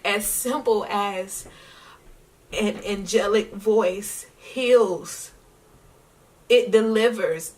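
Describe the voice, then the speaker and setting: A young woman vlogging about her year as a singer, heartfelt and at times tearful. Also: mid-range voice. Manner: emotional, tearful, heartfelt, slow-spoken. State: crying at times. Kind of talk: personal vlog talk.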